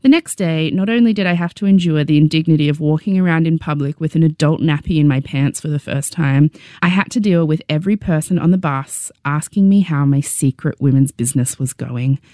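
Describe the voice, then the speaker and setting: A young adult woman with an Australian accent narrating her memoir with wry, deadpan humor. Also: deep voice, a little fast, few pauses, dry recording, clean studio sound.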